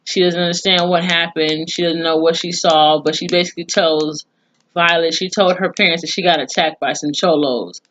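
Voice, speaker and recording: A woman's voice: on the low side, steady tone, moderate pace, fairly bright tone, a little hiss or hum. A woman recapping a TV episode in casual, profane storytelling, with plenty of asides and cursing. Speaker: TV series reviewer.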